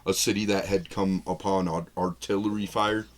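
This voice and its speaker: A man's voice: low-pitched, fairly even intonation, normal speed. A man co-hosting a film review podcast, talking in a loose, rambling way, acting out lines he retells and laughing at his own jokes. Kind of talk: casual chat.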